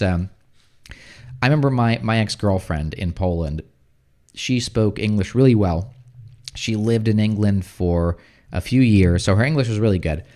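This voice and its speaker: An American man giving a casual livestream English lesson, chatting with viewers and explaining words slowly, often checking with "right?". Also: on the low side, darkish tone. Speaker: English teacher. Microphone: streaming setup.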